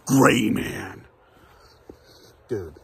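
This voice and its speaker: A man's voice: lowish voice, drawn-out words, vocal fry, husky. A man ranting casually to camera in a vlog, profane, rambling and repetitive. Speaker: vlogger.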